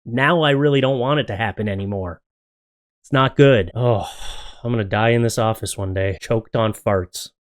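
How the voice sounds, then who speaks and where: A man's voice: lowish voice, normal speed. A man in casual comedic commentary, joking and chatty as he reacts to tattoo photos and talks to his dog in his office. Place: home office.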